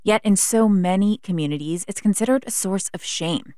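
A woman hosting a public radio interview show from a studio, speaking in a calm, measured way. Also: mid-range voice, no echo.

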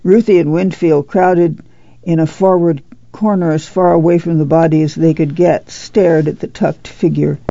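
Gravelly, dark-toned woman narrating. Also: sits low, steady tone, moderate pace, slight background noise. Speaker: audiobook narrator. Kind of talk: scripted narration. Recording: dull lo-fi recording.

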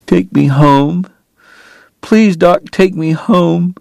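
A man voicing a grieving young woman who begs through tears, her voice raised high and breaking. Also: slow pace, clean tone, natural voice. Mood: begging. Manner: begging, breaking voice.

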